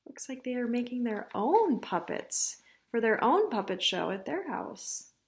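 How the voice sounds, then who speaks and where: Lively, slow-paced woman reading a story. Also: a little high. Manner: expressive, unhurried storytelling. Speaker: teacher reading to children. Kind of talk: storybook read-aloud. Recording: echoey room.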